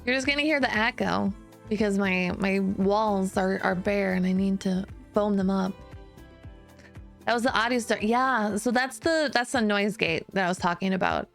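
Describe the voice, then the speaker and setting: A woman's voice: medium pitch, normal speed, creaky. Chatty woman streamer testing her mic. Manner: chatty, laughs often, tests mic aloud. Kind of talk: casual live-stream chat. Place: room with bare walls. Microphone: new studio mic, close. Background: faint background music.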